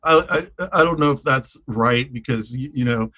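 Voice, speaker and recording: A man's voice: medium pitch, normal speed, bright, forceful tone, muffled recording. A man chatting casually on a live stream about his own poems, hesitant and self-deprecating, with lots of fillers.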